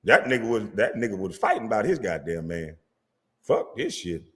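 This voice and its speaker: A man delivering a profane, mocking comedic rant as a vlogger, sometimes breaking into shouts. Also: fairly low pitch, big pitch swings, moderate pace, long reverb tail. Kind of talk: comedic rant reacting to sports media.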